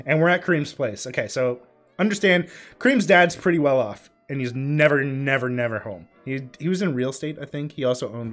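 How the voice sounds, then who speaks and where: A man in his twenties telling a story from his past in a casual vlog, swearing freely, breaking into laughter mid-sentence and filling pauses with ums. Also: medium pitch. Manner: lots of ums and uhs. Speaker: vlogger.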